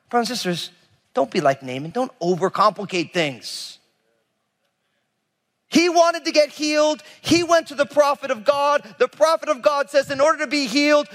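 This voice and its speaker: Man, pastor, sermon, very expressive pitch, long hall reverb. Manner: animated, acts out biblical figures with casual asides.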